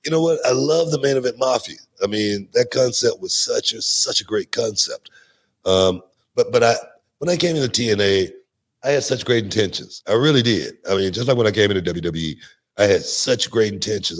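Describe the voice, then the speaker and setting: A middle-aged man with a low, husky voice tells stories as a podcast guest. He is animated and often restarts and repeats his words as he goes. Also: fairly quick. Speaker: guest, former wrestler. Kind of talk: casual podcast interview storytelling.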